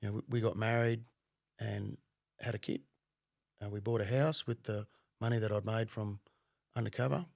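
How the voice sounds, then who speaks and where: Gravelly, blunt Australian man. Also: on the low side, steady tone, moderate pace, darkish tone, no room sound, studio quality. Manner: profane, blunt, laughs often. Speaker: podcast guest, former undercover cop. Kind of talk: casual storytelling.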